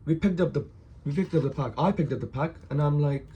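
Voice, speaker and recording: A man telling a personal story to the camera in a casual, animated way, swearing often and acting out the other people in it. He sounds hungover. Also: on the high side, brisk, a little hiss or hum.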